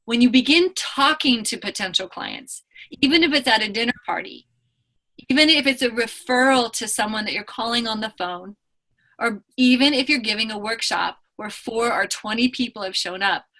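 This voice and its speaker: A woman business coach hosting a live training call, talking fast and emphatically with effusive enthusiasm. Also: fairly high pitch, pushed and bright.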